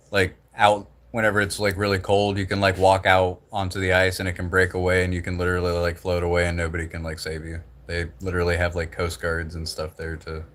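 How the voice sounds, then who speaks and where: A man's voice: low voice, fairly bright tone, a little hiss or hum. A young man from the Southern United States with a slight Southern drawl, rambling casually and profanely while hosting a livestream. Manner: rambling, profane, laid-back. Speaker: livestream host.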